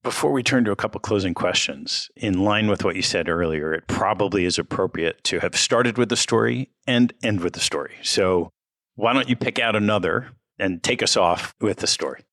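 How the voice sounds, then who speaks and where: Male podcast host, low voice, measured, dry close sound. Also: a bit bright, no room sound. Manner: measured, leading into a closing question. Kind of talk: interview question.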